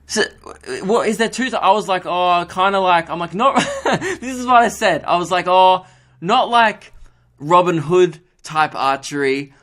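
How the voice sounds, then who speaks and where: A young man hosting a solo podcast. He tells a story in a casual, self-mocking way, swears freely and jumps up in pitch to mimic the people he quotes. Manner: animated, jumps into higher voices to mimic others. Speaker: podcast host.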